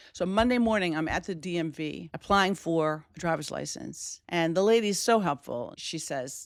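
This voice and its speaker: A woman's voice: fairly low pitch, normal speed, hardly any pauses, dry recording, studio quality. A middle-aged woman from Wisconsin telling a personal story, acting out the voices she quotes. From Wisconsin, USA. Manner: animated, acts out quoted voices.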